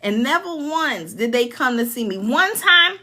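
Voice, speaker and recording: A middle-aged woman from New York, telling family stories in a casual, animated way and acting out what her relatives said. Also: sits high, unhurried. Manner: animated, laughing, acts out quoted relatives. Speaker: storyteller. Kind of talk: casual storytime.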